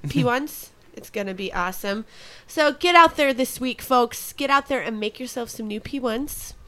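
Woman podcast host, slightly high voice, chatty and jokey sign-off patter. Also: moderate pace, sharp tone. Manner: chatty, joking, plugging the show. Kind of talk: casual podcast chat.

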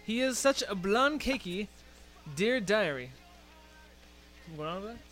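A high-pitched, giggly young woman gushes over her crush as she reads from her diary, as a man puts her on. The voice is bright and girlish, laughing through the words. Loud music plays behind her in a radio studio. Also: animated, measured pace. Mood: giggly, lovestruck. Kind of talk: comic reading of a fill-in-the-blanks story.

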